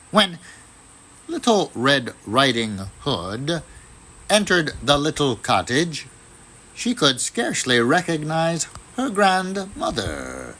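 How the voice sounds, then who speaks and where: A man giving a deliberate, expressive dramatic reading of a children's fairy tale. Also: fairly high pitch, rough recording. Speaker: storyteller.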